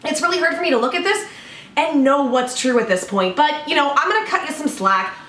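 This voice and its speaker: A woman's voice: high voice, lively intonation, fairly quick, fairly bright tone. A woman giving casual, blunt reaction commentary, swearing freely. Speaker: commentary vlogger reacting to a video. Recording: echoey room, distant mic, faint background noise.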